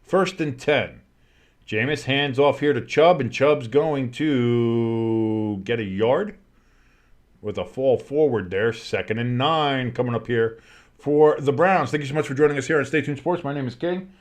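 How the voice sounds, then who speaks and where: A man hosting a fan stream, calling football play-by-play with crude asides and loud bursts on big plays. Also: medium pitch, a little slow. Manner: excitable, crude jokes, shouts on big plays. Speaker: play-by-play host.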